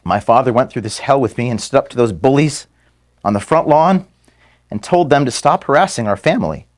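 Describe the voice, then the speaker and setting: Close to crying, a man gives a broken farewell speech to his staff in an office, repeating words and apologizing for his emotion. His mid-range voice is animated.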